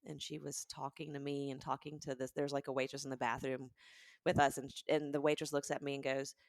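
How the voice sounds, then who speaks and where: A woman's voice: extremely low pitch, flat delivery, a little fast, dry recording. A woman with a Southern US accent, co-hosting a comedic podcast with a teasing manner and Southern expressions. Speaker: podcast co-host. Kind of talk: casual comedic chat.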